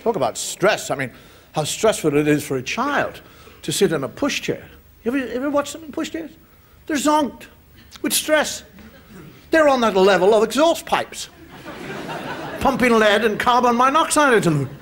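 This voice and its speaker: High-pitched ranting male stand-up comic. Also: sing-song, moderate pace, long pauses, a bit bright. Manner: incredulous, ranting rhetorical questions. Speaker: stand-up comedian. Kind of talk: stand-up routine. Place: comedy stage before a live audience. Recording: live audience laughter, noisy room.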